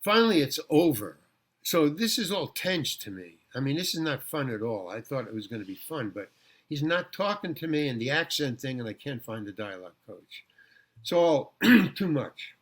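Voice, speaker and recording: An older man, a guest actor, casually telling rambling anecdotes in an interview, with halting restarts and repeated words. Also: mid-range voice, very animated.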